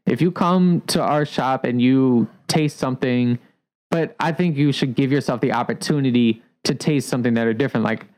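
A man who works as a coffee shop barista, talking in a relaxed, rambling way with many fillers in a casual podcast chat. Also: medium pitch, normal speed, rough recording.

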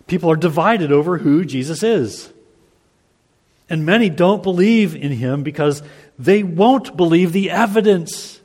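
A man's voice: on the high side, expressive, unhurried, a little mellow. A man preaching an expository sermon, earnest and emphatic, reading scripture aloud and explaining it to the congregation. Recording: long hall reverb.

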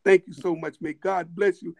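A man telling stories in a casual chat, animated, with many restarts and laughing asides. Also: high voice, moderate pace, vocal fry. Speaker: guest storyteller.

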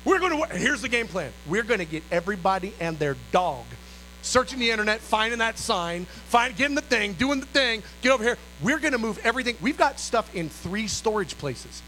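Male ministry leader, animated sermon storyteller, high and lively voice. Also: fairly quick, slight background noise, poor audio. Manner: animated, exclamatory, acts out voices.

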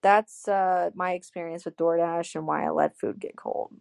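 A woman in her twenties telling a personal story in casual chat, animated, acting out quotes and saying "like" a lot. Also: on the low side, normal speed, vocal fry, no room sound. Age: 20s.

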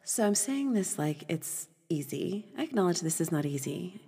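A woman hosting a podcast, giving a gentle motivational talk, soft and often dropping to a breathy half-whisper. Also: on the low side, sing-song, moderate pace, long reverb tail, faint music behind. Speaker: podcast host.

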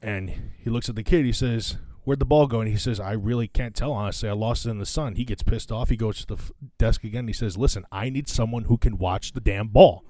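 A man's voice: lowish voice, fairly quick, hardly any pauses, mellow, dry recording. Casting: male podcast co-host, casual joke-teller, dry close recording. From Midwest US. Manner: laughs through his own punchlines. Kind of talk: casual chat, telling jokes.

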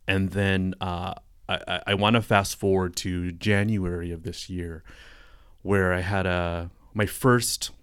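A man with a deep, low voice tells his story as a podcast guest, earnest and reflective. His words sound close and dry, with no room echo around them. He grew up in California. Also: level tone, unhurried, a bit bright, clean tone. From Stockton, California. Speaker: podcast guest, coworking space owner. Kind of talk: casual podcast interview.

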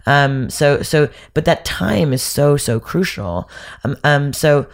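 A woman guest in a casual podcast conversation, telling stories in an animated way with many restarts. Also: deep voice, slow pace.

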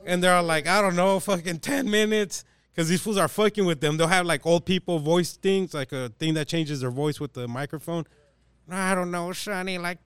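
Loud profane slangy man telling a story. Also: on the high side, smooth, dry recording. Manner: animated, profane, slangy, acts out voices. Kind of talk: casual storytelling chat.

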